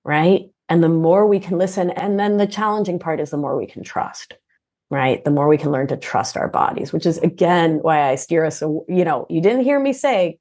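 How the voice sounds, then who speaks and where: A woman guest on a podcast, an animated explainer who keeps checking in with "right?". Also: deep voice, normal speed. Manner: animated, expressive explainer, often asks "right?". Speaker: podcast guest, nurse practitioner and coach. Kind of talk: conversational interview.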